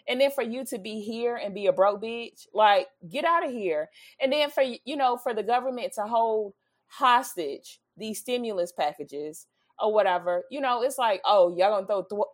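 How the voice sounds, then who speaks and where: Sassy, blunt woman podcast co-host. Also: mid-range voice. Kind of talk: casual chat.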